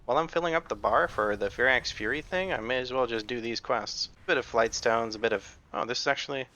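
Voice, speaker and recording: A man's voice: mid-range voice, quick pace, pushed and bright. A man giving casual, joking commentary over his own gameplay, swearing freely and laughing often. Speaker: gaming video creator.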